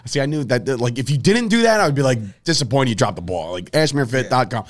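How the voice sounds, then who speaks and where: A male podcast host running a loose, joking chat, teasing his co-hosts and swearing often. His pitch rises and falls a lot as he talks. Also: fast talker. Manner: joking, profane, lively teasing. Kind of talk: casual podcast banter.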